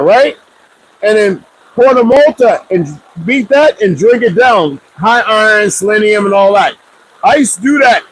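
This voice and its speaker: A man's voice: extremely high pitch, breathy edge, rough recording. A man talking casually to his viewers in a loose, rambling vlog, full of joking asides. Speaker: vlogger.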